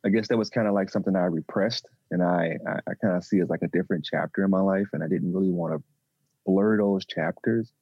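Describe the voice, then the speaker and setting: A man, a relationship coach talking haltingly in a podcast interview. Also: low-pitched, slightly rough, dry recording, lo-fi sound. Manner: halting, with many restarts and fillers.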